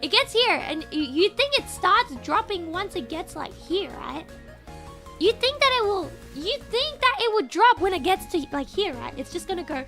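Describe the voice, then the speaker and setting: A young woman streamer telling a story in casual, animated chat, often breaking into excited shouts. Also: extremely high pitch, moderate pace, faint music behind.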